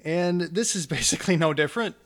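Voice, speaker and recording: A man's voice: on the high side, brisk. A man co-hosting a podcast in casual chat, playful and sarcastic, laughing often. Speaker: podcast co-host.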